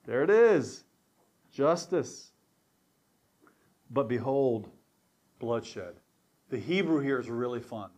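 A man preaching a sermon, telling a story in an animated way, often restarting and repeating words. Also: mid-range voice, slow pace, pauses often.

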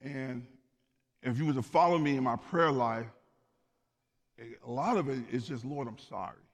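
An impassioned male pastor delivering a sermon, his voice set at an ordinary middle pitch. He swells to emphatic, rising peaks and then drops back low and quiet. A long hall reverb trails after every phrase. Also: measured pace.

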